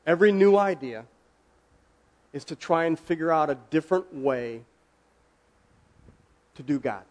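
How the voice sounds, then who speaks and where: A man preaching a casual, conversational sermon, asking his listeners questions and slowing down for emphasis. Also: fairly high pitch, lively intonation, a little mellow. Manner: conversational, asks the audience questions, slows for emphasis.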